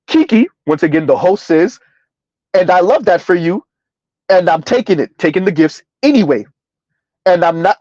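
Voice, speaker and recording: A high-voiced man delivers sarcastic reaction commentary with heavy emphasis. He slows down to stress phrases and keeps checking in with a rhetorical "huh?". The recording is dry and a little muffled. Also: darkish tone, no room sound. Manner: emphatic, sarcastic, drawn-out repetition with frequent "huh?". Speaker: commentary channel host. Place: South Florida.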